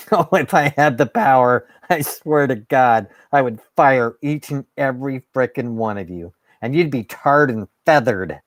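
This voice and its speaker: A man's voice: mid-range voice, no echo, clean studio sound. A man hosting his own show, ranting in a fired-up, sarcastic way and swearing. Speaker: host. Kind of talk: ranting monologue.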